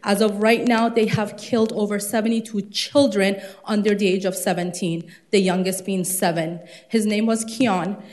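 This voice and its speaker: A woman's voice: mid-range voice, fairly even intonation, moderate pace, hardly any pauses, darkish tone. A woman in her thirties from Iran, earnest and slightly out of breath, giving a public comment at a city council meeting. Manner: earnest, impassioned.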